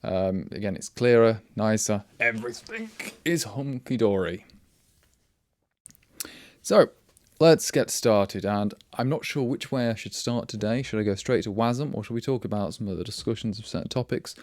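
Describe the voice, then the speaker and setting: A man hosts a casual programming livestream in a lowish, animated voice with a darkish tone, at a moderate pace. The studio sound is clean with no room sound, and he's rambling and wry, often breaking off mid-word to restart.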